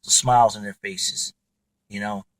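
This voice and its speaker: A man's voice: fairly low pitch, steady tone, moderate pace, no echo, rough recording. A man hosting his own podcast, talking alone in a rambling way with many fillers and restarts. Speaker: podcast host. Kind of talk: casual monologue.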